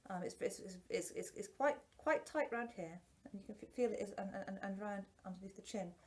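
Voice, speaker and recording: A woman's voice: medium pitch, brisk. A woman and singing teacher chatting through a face mask, self-deprecating and full of restarts, her voice a little muffled. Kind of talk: casual product review.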